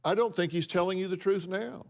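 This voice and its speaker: A man's voice: sits high, a little fast, gravelly. A man hosting a talk show, counseling a guest in a blunt, emphatic, lecturing way. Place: TV studio with audience.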